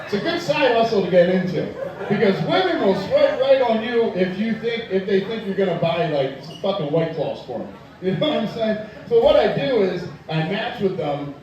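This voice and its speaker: A man's voice: high-pitched, a little mellow, muffled recording. A young man doing a crude, profane stand-up set in a tavern, laughing at his own jokes. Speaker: stand-up comedian. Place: tavern stage. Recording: echoey room, far from the mic.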